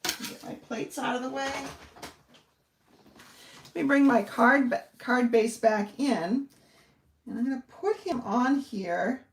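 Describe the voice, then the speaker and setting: A woman on the high side speaks slowly with long pauses, heard from a distant mic in an echoey space. During her live card-making demonstration she chats in a warm, wandering way and thinks aloud as she works.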